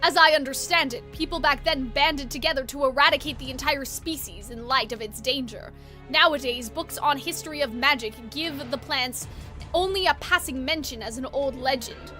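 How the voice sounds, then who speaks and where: A woman voicing a composed, learned young male sorcerer who explains things in a measured way. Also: high-pitched, bright, forceful tone, soft background music, voice pushed down. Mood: calm explaining.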